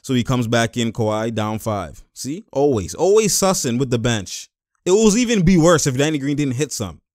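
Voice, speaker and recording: A young man hosting casual game-watching commentary, animated and full of exclamations and laughter. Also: mid-range voice, normal speed, no room sound, studio quality. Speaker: host.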